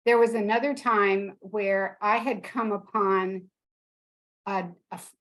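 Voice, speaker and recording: Woman, slow pace, reminiscing, restarts sentences, video call. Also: medium pitch, steady tone, a bit bright. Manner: unhurried, with repeated restarts. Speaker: memorial speaker.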